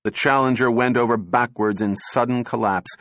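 A man narrating an audiobook in a steady, measured reading voice. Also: mid-range voice, dry recording, studio quality.

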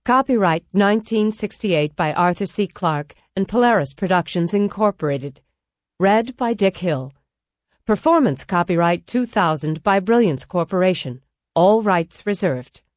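A woman reading the opening credits of an audiobook in a slow, formal manner. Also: medium pitch, expressive, no echo. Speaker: audiobook announcer.

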